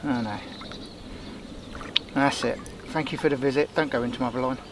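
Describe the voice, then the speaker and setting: Man, mid-pitch, out of breath, chatty outdoor vlogger, camera mic with clear background noise. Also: steady tone, fairly quick. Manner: chatty, keeps addressing viewers as guys. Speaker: fishing vlogger. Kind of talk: casual outdoor vlog talk to camera. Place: lakeside bank outdoors.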